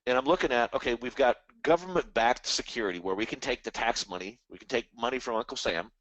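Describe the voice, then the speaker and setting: A man's voice: mid-range voice, quick pace, fairly bright tone, dry recording. A man hosting a live trading stream, rambling casually and animatedly about markets and the economy, now and then mimicking other people's voices. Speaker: trading webinar host.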